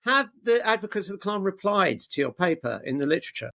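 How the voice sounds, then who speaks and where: A man's voice: high voice, sing-song, quick pace, gravelly, bright, forceful tone. A man hosting a discussion, summarizing the points and wrapping up, often repeating words as he starts. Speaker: host. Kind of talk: casual discussion.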